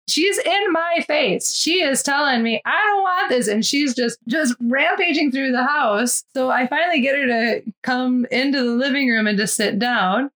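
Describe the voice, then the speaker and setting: A woman's voice: high-pitched, a bit bright. A woman, a missionary and mother, telling a testimony and mimicking the voices of the people in it. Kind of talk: storytelling testimony.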